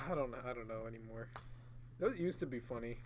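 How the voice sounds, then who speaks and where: A medium-pitched man talks briskly over a noisy crowd. He's co-hosting a podcast, spinning a long, rambling story for his friends while swearing freely, performing both sides of the dialogue and laughing mid-sentence.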